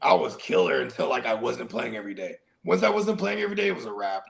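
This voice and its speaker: A man hosting a fantasy football stream in casual chat, animated and profane, restarting his words often. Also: mid-range voice, fast talker, vocal fry. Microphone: streaming call mic.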